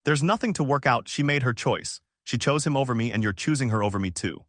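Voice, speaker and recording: A man's voice: medium pitch, expressive, quick pace, a bit bright, dry recording, studio quality. A man voicing a betrayed young woman who pleads and protests indignantly. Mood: upset.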